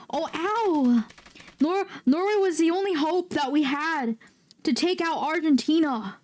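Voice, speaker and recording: Woman, livestream chat, excitable, swearing, high-pitched. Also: unhurried. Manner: excitable, swearing, loud outbursts. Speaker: streamer.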